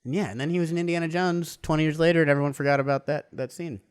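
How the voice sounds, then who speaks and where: A man's voice: a little high, steady tone, rapid-fire, smooth. A young man co-hosting a comedy podcast, joking in casual chat and laughing often. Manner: jokey, laughs often, slips into mock voices. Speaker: podcast co-host.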